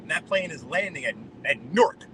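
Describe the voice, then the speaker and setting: A man's voice: a little high, animated, fairly quick, pushed and bright, low-quality recording. A man, chatting casually with live-stream viewers while driving, greeting them by name and rambling between topics. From New York. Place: inside a car on the road. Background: road and traffic noise.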